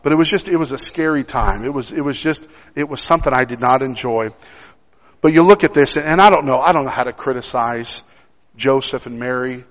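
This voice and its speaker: A man's voice: medium pitch, a little fast, a bit bright. A young man preaching a sermon, telling a personal story in a conversational way with frequent restarts. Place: church sanctuary. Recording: dull sound with long hall reverb.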